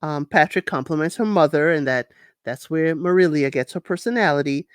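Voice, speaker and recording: A woman hosting a casual reality show recap, animated and laughing often, acting out quotes in high voices. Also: a little fast, dry recording, clean studio sound.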